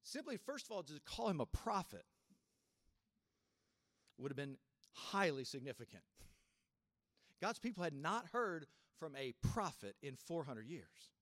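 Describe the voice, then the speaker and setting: Reflective pastor preaching, soft laughs. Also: male voice, fairly high pitch, very animated, no room sound, studio quality. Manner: reflective, unhurried, with soft laughs and sudden shifts from loud to quiet. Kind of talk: sermon.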